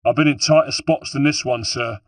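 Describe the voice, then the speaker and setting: A man voicing a brave, loyal soldier who shouts gruffly. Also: mid-range voice, fairly quick, no room sound, voice pushed up, close to an everyday voice. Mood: urgent, gruff. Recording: dry, distant mic.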